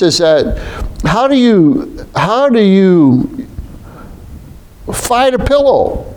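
A man's voice: high voice, a little mellow. A middle-aged man preaching a sermon in a folksy, conversational way, asking rhetorical questions.

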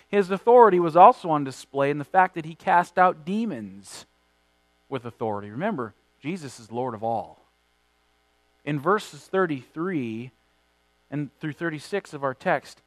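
Male pastor, high voice, dry close sound; emphatic sermon delivery that stretches out key words. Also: expressive, no echo, low-quality recording. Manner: emphatic preaching, stressing key words by slowing down and swelling in volume; repeats words while restarting phrases.

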